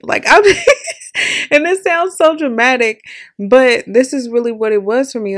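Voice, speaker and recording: A woman's voice: medium pitch, measured pace, gravelly. Candid young woman telling a personal story. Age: young adult. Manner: candid, animated, full of likes and laughs. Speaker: podcast host.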